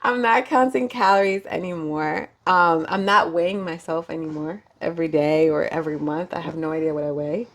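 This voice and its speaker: A woman's voice: sits low, fairly even intonation, fairly quick, few pauses. A woman co-hosting a podcast in casual chat, joking, laughing often and trailing off with fillers. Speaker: podcast co-host.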